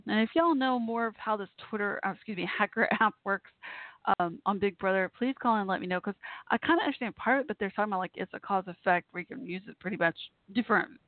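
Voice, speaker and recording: Hosting a casual live call-in show, a fast-talking woman with a mid-range voice chats in a rambling, friendly manner, often using fillers and restarting sentences. The recording has a tinny phone-line sound and is dry.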